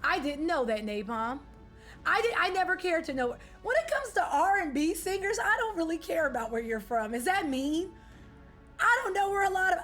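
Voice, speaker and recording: A woman streamer chatting casually with her live viewers, animated, slangy and opinionated. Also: very high-pitched, moderate pace, soft background music. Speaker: game streamer.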